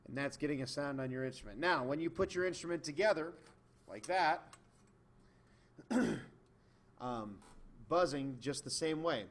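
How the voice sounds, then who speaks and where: A man's voice: a little high, normal speed, long pauses. A man teaching beginners in a video lesson, patient and demonstrating as he explains. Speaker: music teacher. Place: indoors, in front of a camera.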